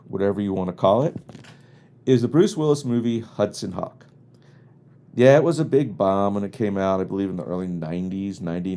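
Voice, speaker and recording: Mellow-voiced man ranting wryly. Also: fairly low pitch. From US East Coast. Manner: rambling, wry and exasperated storytelling. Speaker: podcast host. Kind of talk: casual comedic monologue. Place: home studio in Los Angeles.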